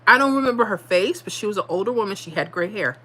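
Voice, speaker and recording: A woman's voice: medium pitch, expressive, quick pace, sharp tone. Blunt woman hosting a livestream. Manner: blunt, motivational, talks straight to viewers; repeats herself, drops into dialect. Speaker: livestream host. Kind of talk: casual livestream chat.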